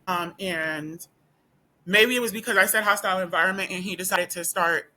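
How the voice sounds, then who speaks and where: A woman student talking straight to camera in a casual vlog, emphatic and full of rhetorical questions, with a voice that is not deep. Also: normal speed, bright, forceful tone, slight background noise. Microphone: camera or phone facing speaker.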